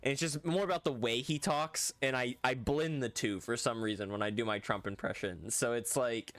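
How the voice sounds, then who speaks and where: A man's voice: mid-range voice, steady tone, normal speed, fairly bright tone. A man streaming a game, chatting casually and rambling to viewers with lots of "like" and "bro". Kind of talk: casual livestream chat.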